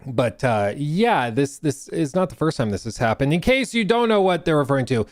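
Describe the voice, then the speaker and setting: A man hosting a live gaming stream, chatty and loose, repeating himself and dropping casual slang between news items. His voice is smooth and resonant, a touch higher than most men's, recorded close and dry. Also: big pitch swings, moderate pace, no echo.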